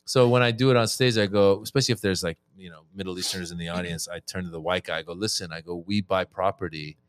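A man's voice: low voice, rapid-fire, smooth, no room sound, clean studio sound. A man who is a comedian, chatting casually on a podcast and acting out his jokes as he tells them. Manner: animated storyteller who acts out bits. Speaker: comedian guest.

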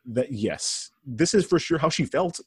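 Husky joking man, dry sound. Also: mid-range voice, expressive, measured pace, dry recording. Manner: joking, blunt, profane. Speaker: podcast co-host. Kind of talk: casual chat.

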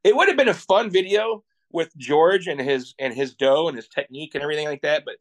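A man from Iowa, a podcast guest, telling travel stories in an animated, excitable way and laughing often. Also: a little high, brisk. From Iowa, USA. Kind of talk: casual interview storytelling.

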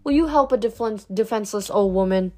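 A woman's voice: mid-range voice, quick pace, darkish tone, soft background music, lightly acted. Woman putting on a sly cackling old goddess. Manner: wheedling and cackling.

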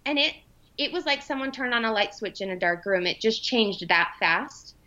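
A woman's voice: a little high, animated, normal speed, pushed and bright. A young adult woman telling an emotional personal story in casual conversation, acting out the voices of people she quotes. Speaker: podcast guest. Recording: dull lo-fi sound.

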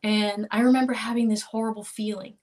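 A middle-aged woman recounting a hard personal story in an interview, earnest and halting, with restarts and small laughs. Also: mid-range voice, level tone, a little mellow. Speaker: interview guest.

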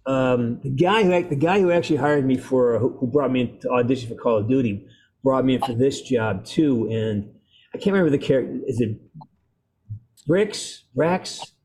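A man who works as an actor, talking in a casual interview in a rambling, halting way with frequent laughter. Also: medium pitch, a little mellow. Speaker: actor guest.

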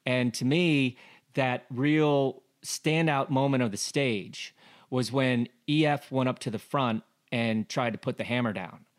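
Male podcast co-host, mid-range voice, animated casual race analysis. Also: mid-range voice, a little slow. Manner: animated, rhetorical questions, many fillers.

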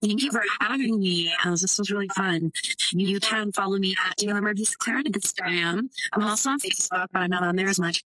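A woman's voice: medium pitch, a little fast, pushed and bright, dry recording, low-quality recording. A young woman talking casually as a podcast guest, chatty, with lots of fillers and laughs. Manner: chatty, many likes and laughs. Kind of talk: casual interview chat.

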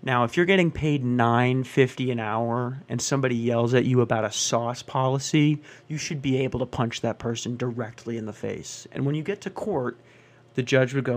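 A man's voice: medium pitch, fairly quick. A young man doing stand-up, telling profane, exasperated stories and acting out the people in them. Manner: profane, exasperated, acts out characters. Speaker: stand-up comedian. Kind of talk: stand-up storytelling.

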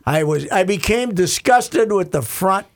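A middle-aged man hosts a radio talk show, wandering through anecdotes in a casual, rambling way. His voice rides a little high and swings widely in pitch, with a gravelly rasp underneath. When he reads ads, he punches single words loudly. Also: animated, measured pace. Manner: rambling, loud laughing bursts, punchy ad reads. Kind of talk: casual radio banter and live read ads.

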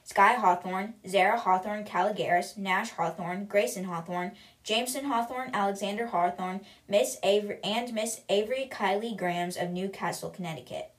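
A woman's voice: mid-range voice, normal speed, hardly any pauses. A woman hosting a book podcast, casually retelling a novel with filler words and reading its passages aloud in her own voice.

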